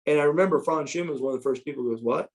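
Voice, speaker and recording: A man in his fifties from the United States, spinning profane, animated tales as a podcast guest. His voice sits a bit higher than most men's. He stumbles and restarts as the stories tumble out. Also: racing, poor audio. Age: 50s. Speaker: guest, former pro wrestler. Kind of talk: storytelling in a podcast interview.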